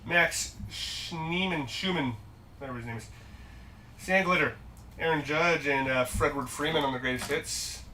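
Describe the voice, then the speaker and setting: A man's voice: fairly high pitch, moderate pace, pushed and bright, recorded from a distance, a little hiss or hum. A man hosting a live-stream card break, upbeat and jokey as he rattles off the cards pulled.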